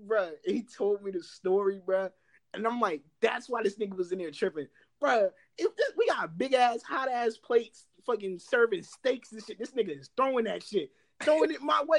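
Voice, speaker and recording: A young man telling workplace stories in casual chat, animated and laughing, loudly acting out what others said. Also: sits high, moderate pace. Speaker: storyteller.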